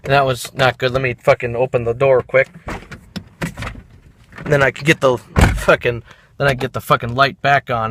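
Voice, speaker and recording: A man's voice: mid-range voice, little pitch movement, normal speed, long pauses, fairly bright tone, dry recording. A man rapping a rambling, profane freestyle rant from inside his car, rhyming as he goes. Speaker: freestyle rapper.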